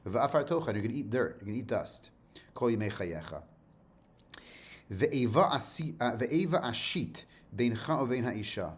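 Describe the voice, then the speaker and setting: A man's voice: mid-range voice, expressive, moderate pace. A man leads a verse-by-verse Torah lesson in an easy, conversational way. He reads a Hebrew line, then unpacks it in plain English. He restarts often and says the same idea twice so students follow. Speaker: teacher.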